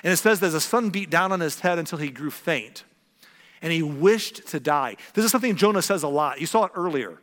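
A man's voice: fairly high pitch, lively intonation, a little fast, fairly bright tone, in a large hall. A man from the American Midwest preaching a conversational sermon, acting out quotes with big jumps in his voice. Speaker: pastor.

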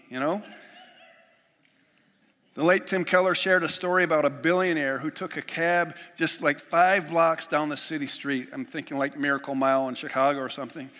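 A male pastor delivers an animated sermon, slipping into little voices for worried people in his stories. His voice sits a touch high and rings bright and forceful. It is recorded in a church hall with a long, lingering reverb. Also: normal speed. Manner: animated storytelling, acting out quoted worries. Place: church sanctuary.

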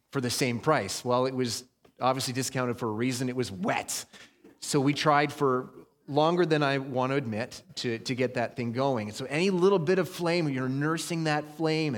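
A man preaching a sermon in a conversational way, slowing down and leaning on key phrases. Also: mid-range voice. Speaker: pastor. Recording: long hall reverb.

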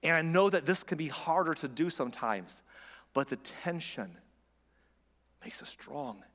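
A man's voice: fairly high pitch, expressive, measured pace, a bit bright, in a large hall. A man preaching a sermon as a pastor, in an earnest, conversational way with frequent restarts.

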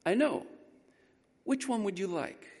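A man voicing a generous forty-year-old man who speaks softly and patiently. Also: sits high, lively intonation, unhurried, voice pushed up. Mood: gentle. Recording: long hall reverb.

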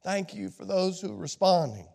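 A pastor preaching a sermon with a scratchy throat from a cold, swinging from hushed asides to impassioned shouts. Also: male voice, high voice, big pitch swings, moderate pace, vocal fry. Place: church sanctuary. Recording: long reverb of a large hall.

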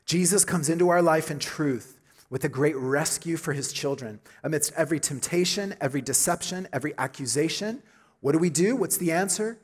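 A man's voice: a little high, fairly quick, breathy edge. Emphatic man preaching a sermon. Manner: emphatic preaching, repeats key phrases, rises to loud climaxes. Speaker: pastor.

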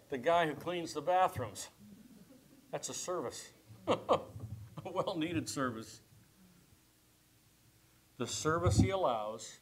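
Slow preaching man with dramatic swells. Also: mid-range voice. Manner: preaching with swells of loudness and drops to near-whispers; slow, deliberate delivery. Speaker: pastor. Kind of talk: sermon.

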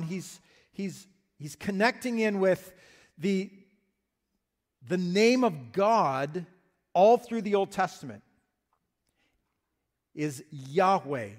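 Slow-speaking, high-voiced pastor preaching. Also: male voice, in a large hall. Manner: earnest, explanatory, with restarts and repetitions. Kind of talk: sermon.

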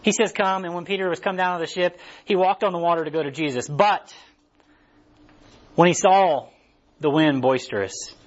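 A man's voice: a little high, normal speed, pauses often, dull audio. A man preaching a casual, conversational sermon, acting out what people tell themselves. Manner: casual, animated, acts out inner voices.

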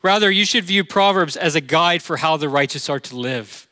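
Midwestern male pastor, middle-aged, bright tense tone, slightly high voice, dry close sound. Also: moderate pace, no room sound. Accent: Midwestern American. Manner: earnest, conversational preaching with rhetorical questions. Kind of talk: sermon.

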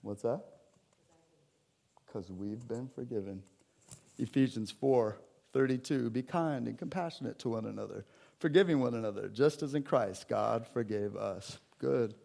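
A man's voice: mid-range voice, unhurried, creaky, mellow. A man preaching a sermon as pastor in a church, talking with the congregation in a conversational way and acting out Bible scenes. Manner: acts out Bible scenes in quoted voices. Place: church sanctuary.

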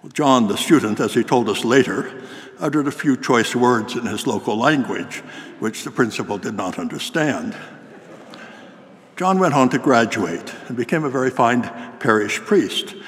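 An older man preaching a sermon in a cathedral, telling a story in a measured, formal way. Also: medium pitch, expressive. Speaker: priest. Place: large cathedral. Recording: long cathedral reverb.

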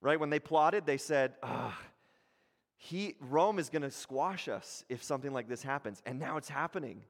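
Preaching with plenty of energy, a pastor voices imagined crowd members and frequently starts his lines over. His mid-range voice moves at normal speed and carries a big-room sound.

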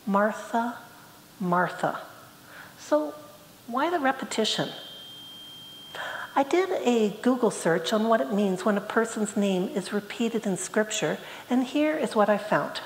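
A woman's voice: fairly high pitch, expressive, unhurried, a little hiss or hum. A woman preaching a sermon, speaking earnestly and quoting scripture with rising emphasis. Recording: echoey hall, faint ambience.

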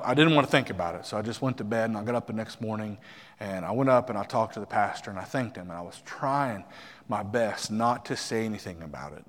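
A man, a missionary, telling a personal story to a congregation, animated and quoting others as he goes. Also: mid-range voice, long reverb tail. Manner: animated testimony, quotes others in voices. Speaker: missionary speaker. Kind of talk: sermon storytelling.

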